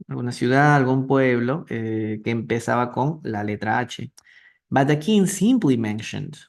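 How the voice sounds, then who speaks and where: A Peruvian English teacher with a creaky, mid-range voice leads a live online reading lesson. He patiently repeats and translates vocabulary, questions his students, and says hello to viewers, all through a phone or computer microphone.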